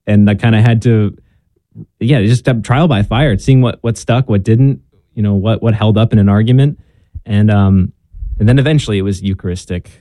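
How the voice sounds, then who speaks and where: A man's voice: fairly low pitch, dark tone, no room sound. A young man in casual conversation as a guest, speaking earnestly and a little self-deprecating, with frequent ums and restarts. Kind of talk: casual conversation about faith.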